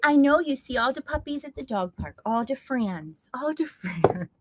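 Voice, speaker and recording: A woman doing a soft, polite pet dog. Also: high-pitched, lively intonation, normal speed, a little hiss or hum, pitched above the performer's own voice, poor audio. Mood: pleading.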